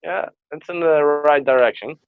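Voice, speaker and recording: A man's voice: a little high, normal speed, clean tone, dry recording. A man co-hosting a casual podcast, hesitant and searching for words. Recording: dull lo-fi dry sound.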